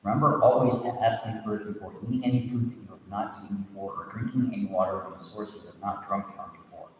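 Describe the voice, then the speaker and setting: A low-voiced man reads a teaching story as a sermon, breaking off for asides and restarting lines. His voice comes from a distant mic in a room full of long, echoing reverb. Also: steady tone, fast talker, slight background noise. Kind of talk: storytelling sermon reading a Buddhist tale.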